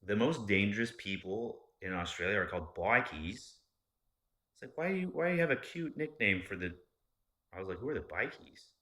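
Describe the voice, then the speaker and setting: Male podcast host, deep and forceful, casual and profane, rambling. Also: expressive, a little fast. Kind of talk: casual chat.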